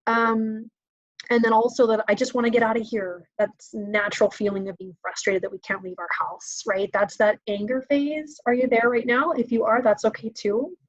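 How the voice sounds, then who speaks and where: A woman's voice: a little high, fairly even intonation, moderate pace, no echo. A woman hosting a casual self-care webinar, chatty and self-mocking, reassuring listeners between many ums. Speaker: webinar host. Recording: dull lo-fi home webinar audio.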